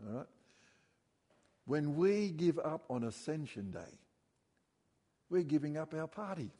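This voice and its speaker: Animated preacher man. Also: fairly high pitch, unhurried, long reverb tail. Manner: animated preaching, rising loudly on scripture quotes. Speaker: pastor. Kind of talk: sermon.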